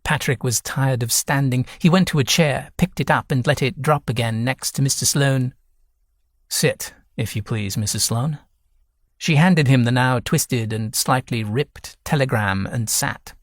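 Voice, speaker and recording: A man narrating a novel audiobook in a measured, even reading. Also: medium pitch, dry recording, clean studio sound. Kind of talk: scripted narration.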